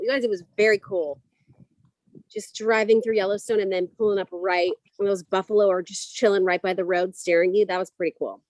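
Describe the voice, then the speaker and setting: A middle-aged woman from a Southern California valley, co-hosting a casual chat in a bubbly, chatty way full of "like"s. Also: mid-range voice. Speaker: co-host.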